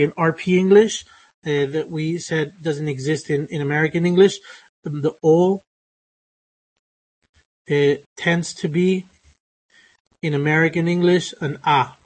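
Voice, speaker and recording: Hesitant male phonetics teacher. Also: a little high. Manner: hesitant, many fillers and restarts. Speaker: pronunciation teacher. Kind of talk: live phonetics lesson.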